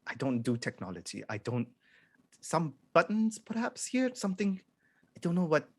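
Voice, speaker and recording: A man taking part as a player in a tabletop game, speaking in a halting, unsure way. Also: on the high side, very animated, dry recording.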